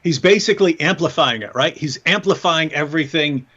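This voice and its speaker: A man co-hosting a casual livestream chat, talking in an animated, mocking way and laughing often. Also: fairly high pitch, brisk, slight background noise. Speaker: co-host. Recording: dull lo-fi stream audio.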